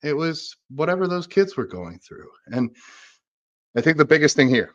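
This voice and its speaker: A man's voice: fairly high pitch, sing-song, moderate pace, lo-fi sound. A man co-hosting a podcast, talking casually and searching aloud for examples as he rambles. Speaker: podcast co-host.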